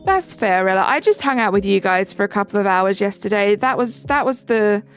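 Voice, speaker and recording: A woman's voice: mid-range voice, expressive, a little fast. A young woman from England, live streaming and chatting back to viewer comments in a casual way. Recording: faint music behind.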